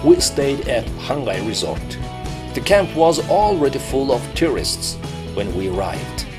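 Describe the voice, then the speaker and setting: A man narrates a travel program from a script, and his pitch moves a lot from line to line. He often turns to the viewer with questions. Plucked guitar music plays clearly under his voice. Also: sing-song, unhurried. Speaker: travel show host.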